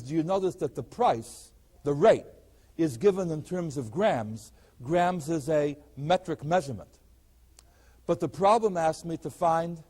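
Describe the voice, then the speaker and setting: A man's voice: mid-range voice, a little mellow. Older man lecturing on math. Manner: explains step by step, asks rhetorical questions. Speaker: math professor.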